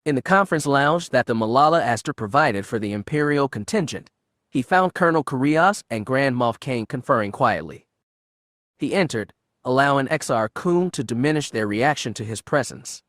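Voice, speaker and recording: A man narrating a space-adventure story in an even, measured storytelling manner. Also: mid-range voice, no echo, studio quality. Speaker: audiobook narrator. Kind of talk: audiobook narration of fan fiction.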